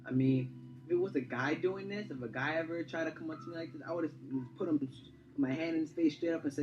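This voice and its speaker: A man's voice: fairly high pitch, fast, highs cut off, music in the background. A young man telling his story in a casual interview. He rambles, repeats words, and leans on fillers like "you know.". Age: young adult.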